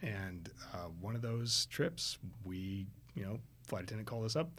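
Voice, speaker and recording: A man's voice: on the low side, animated, normal speed, fairly bright tone, a little hiss or hum. A man, a guest airline pilot, chatting casually on a podcast and telling stories at length with many fillers.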